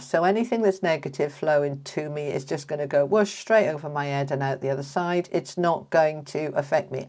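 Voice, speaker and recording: A woman giving a casual, chatty tarot reading to camera, talking to her viewers like friends. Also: sits low. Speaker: tarot reader.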